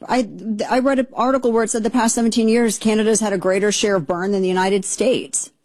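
A woman's voice: medium pitch, fairly even intonation, quick pace, a little mellow, dry recording. A woman hosting political commentary, indignant and exasperated, rambling with frequent restarts. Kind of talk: opinionated commentary.

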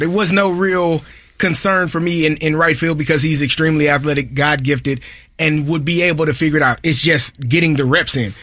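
A man chatting about baseball as an analyst, animated, a storyteller who slips into mock voices. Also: fairly high pitch, dry recording, clean studio sound. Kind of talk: casual sports chat.

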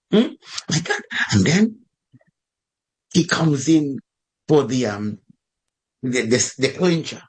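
Husky-voiced man preaching a sermon. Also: medium pitch, unhurried, long pauses, poor audio. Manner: animated preaching, acting out prayers in a raised voice.

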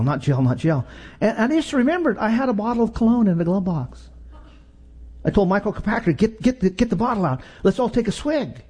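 Husky-voiced preacher in his sixties. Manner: storytelling, swings from loud and high to low and hushed. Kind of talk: sermon.

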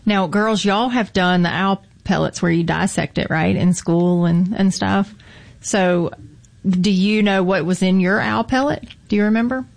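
A woman's voice: medium pitch, fairly even intonation, unhurried, gravelly. A woman with a Mississippi Southern accent hosting a radio interview, chatty and folksy. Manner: chatty, folksy, says y'all. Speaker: radio show host.

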